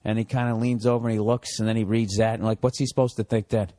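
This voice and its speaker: A man's voice: lowish voice, little pitch movement, quick pace, mellow, dry recording, clean studio sound. A man in his forties with a Boston accent, hosting a podcast and delivering a profane, sarcastic solo rant. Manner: profane, sarcastic ranting with frequent asides. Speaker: podcast host.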